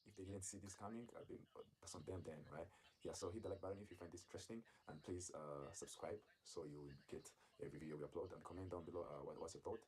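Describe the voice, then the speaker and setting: A man's voice: low voice, quick pace, few pauses, darkish tone. A man hosting a reaction commentary channel, speaking to viewers with frequent filler sounds. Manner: filler-heavy, addressing viewers.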